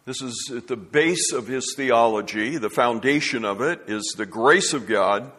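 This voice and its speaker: A man's voice: medium pitch, unhurried, fairly bright tone, breathy edge. A male pastor giving a sermon in an earnest, emphatic way, often restarting phrases as he builds a point. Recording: long hall reverb.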